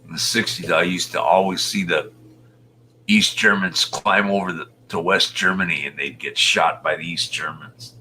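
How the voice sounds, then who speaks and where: Very deep-voiced, slow, rambling man. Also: a little hiss or hum. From Utah, USA. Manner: rambling, muttering soft half-whispered asides. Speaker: show host reading viewer chat. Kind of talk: casual livestream chat.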